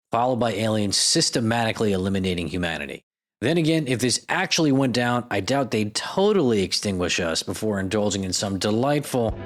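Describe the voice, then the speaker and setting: A man hosting a scripted comedy podcast, narrating with sarcastic, self-mocking asides and dropping into silly voices. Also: on the low side. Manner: lively, jokey delivery with silly voices. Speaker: podcast host.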